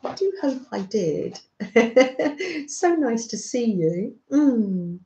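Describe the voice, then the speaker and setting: A middle-aged British woman with a soft, motherly manner, hosting a craft livestream and chatting gently with viewers. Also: fairly high pitch, sing-song, very slow. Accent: British English. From Britain. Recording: roomy, slightly dull home stream audio.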